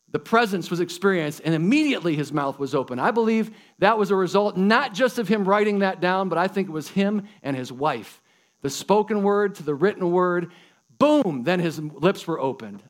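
A man pastor preaching a sermon in a casual, enthusiastic way. He calls his listeners guys and folks. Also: high voice.

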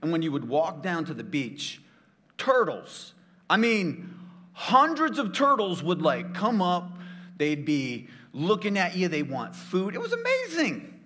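A man's voice: high voice, huge pitch swings, measured pace, a bit bright, in a large hall. A middle-aged man, a pastor, tells a funny personal story in a sermon, jokey and talking straight to his audience.

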